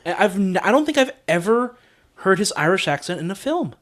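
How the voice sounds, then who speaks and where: A man's voice: high voice, sing-song, a little fast, fairly bright tone. A man co-hosting a casual movie podcast, rambling through his thoughts with many fillers and restarts and laughing easily. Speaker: podcast co-host.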